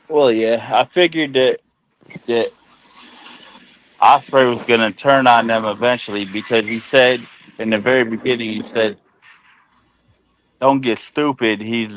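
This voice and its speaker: A man co-hosting a wrestling podcast, giving his take in a casual, halting way. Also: on the low side, fairly bright tone, poor audio. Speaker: podcast co-host. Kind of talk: casual chat.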